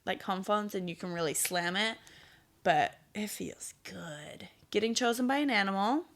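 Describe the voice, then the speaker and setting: A woman in her thirties talks through a casual solo podcast in a bright, forward voice. Her tone has a gravelly edge of vocal fry. She is blunt and chatty, swears freely, and laughs at her own stories. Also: mid-range voice, normal speed. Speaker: podcast host.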